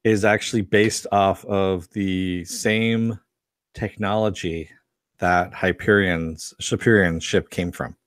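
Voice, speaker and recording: A man with a fairly low voice, chatting casually about an episode and adding details in a relaxed, easygoing way. The recording is dry and close-miked. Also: slow pace, dry recording. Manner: laid-back, adds details and corrections, short agreeing replies. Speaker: podcast co-host. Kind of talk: casual review chat.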